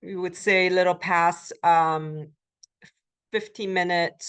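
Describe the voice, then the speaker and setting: A woman lecturing as a Korean language instructor, explaining step by step with frequent ums and uhs and repeating phrases slowly for learners. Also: on the low side, flat delivery, smooth. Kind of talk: recorded college lecture.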